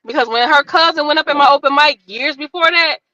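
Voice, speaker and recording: A woman comedian with a high, bright voice, chatting as a guest on a podcast. She tells her stories in an animated, profane way. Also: quick pace, no room sound, highs cut off. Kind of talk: casual podcast chat, storytelling.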